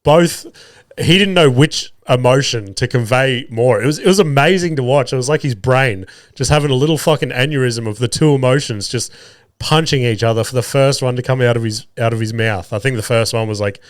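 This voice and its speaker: A man's voice: medium pitch, fairly quick, no echo, clean studio sound. A man in his thirties hosting a solo podcast, telling rambling, crude stories and laughing at his own jokes. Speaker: podcast host. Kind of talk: casual solo podcast storytelling.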